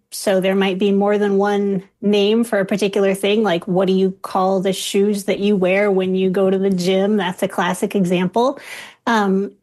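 A woman's voice: mid-range voice, darkish tone. Woman explaining patiently as expert guest. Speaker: linguist guest. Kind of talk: explanatory conversation.

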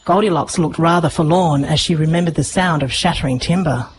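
A woman narrating a children's story with lively expression. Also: deep voice, brisk, a little hiss or hum, low-quality recording. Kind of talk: storybook reading.

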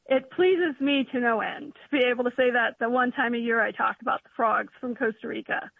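High-voiced woman caller on a tinny phone line. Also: fairly quick, creaky, slightly rough, no room sound. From North Dakota, USA. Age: adult teacher. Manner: enthusiastic, hesitant with ums and likes. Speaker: radio call-in caller. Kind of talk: casual phone chat.

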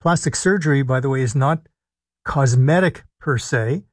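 A man hosting a live call-in radio show as a physician, explaining health policy in a measured way and stressing key words with deliberate pauses. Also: mid-range voice, breathy edge, no room sound. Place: radio studio. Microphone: studio microphone.

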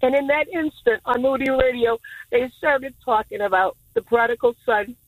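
A woman's voice: high-pitched, moderate pace, no room sound, phone-quality sound. A woman phoning in to a radio show from her car, her voice full of emotion and close to tears. The sound is dry and close. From Illinois. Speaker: caller.

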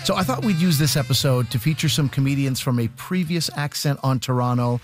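A man hosting a comedy radio show, introducing the next act with relaxed, playful patter. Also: medium pitch, fairly quick. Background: music bed.

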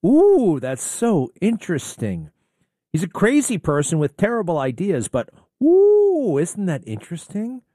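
A man mimicking a gushing, fawning admirer with high, breathy cooing. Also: huge pitch swings, measured pace, warm tone, no echo, clean studio sound, heavily acted. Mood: swooning.

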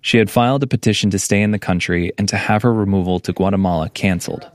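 A man narrating a documentary report as the reporter, in a measured, calm storytelling manner. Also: fairly low pitch. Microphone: studio voice-over mic.

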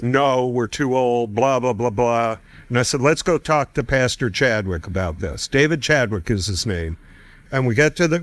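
A man's voice: medium pitch, no echo. A man casually telling a personal faith story, acting out the people he quotes and laughing now and then. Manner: animated, acts out quoted voices, laughs often. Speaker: storyteller sharing testimony.

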